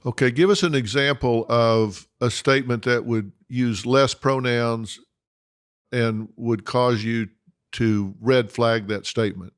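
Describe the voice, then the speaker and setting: A man's voice: medium pitch, fairly even intonation, unhurried, clean tone, no room sound, studio quality. A man hosting a panel discussion, asking probing questions and pressing his guests for concrete examples. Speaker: talk show host.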